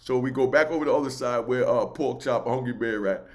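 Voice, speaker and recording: Animated storyteller. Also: male voice, mid-range voice, brisk. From New York. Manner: animated, loose, keeps asking "you know what I mean". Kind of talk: casual oral storytelling.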